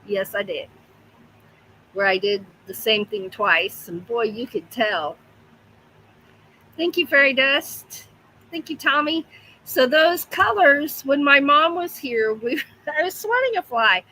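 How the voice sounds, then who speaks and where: A woman's voice: sits high, lively intonation, slow, pushed and bright, slight background noise, rough recording. A woman hosting a casual livestream from home, chatting to her pets and reading out viewer comments. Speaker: livestream host.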